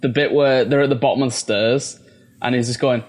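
A man's voice: medium pitch, fairly even intonation, brisk. A young man co-hosting a film podcast, telling a casual story with eager energy and casual swearing. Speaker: podcast co-host.

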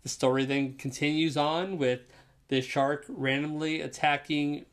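A man co-hosting a casual podcast, recounting things in a relaxed way and swearing freely. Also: a little high, a little slow. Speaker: podcast co-host. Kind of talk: casual chat.

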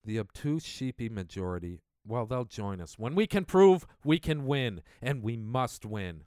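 A man hosting his own podcast, delivering an angry political rant that swings between shouted outbursts and low, muttered asides. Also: very animated, a little slow, clean tone, dry recording, clean studio sound. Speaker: podcast host.

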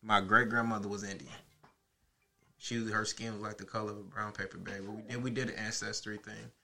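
Laid-back young man, bright and sharp tone, casual storyteller. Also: fairly low pitch, little pitch movement, fairly quick, vocal fry. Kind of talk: casual group chat.

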